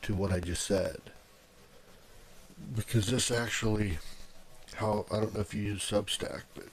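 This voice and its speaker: Low-voiced man rambling through a screen recording. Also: steady tone, a little slow. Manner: rambling, with many fillers and restarts. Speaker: video blogger. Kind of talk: casual screen-recording narration. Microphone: plugged-in desk microphone.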